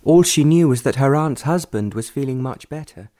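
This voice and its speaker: A man narrating a period romance novel in a measured, even reading voice. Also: mid-range voice. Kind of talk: storybook narration.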